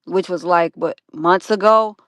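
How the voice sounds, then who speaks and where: A woman's voice: fairly low pitch, a little slow, fairly bright tone, no echo. Woman cohost gossiping, rambly, keeps restarting, dry close sound. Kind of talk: casual gossip chat.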